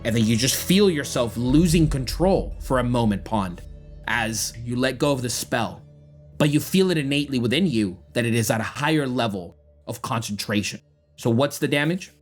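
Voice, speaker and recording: A man's voice: medium pitch, animated, moderate pace, faint music behind. A man narrating a tabletop game as game master, describing the scene dramatically.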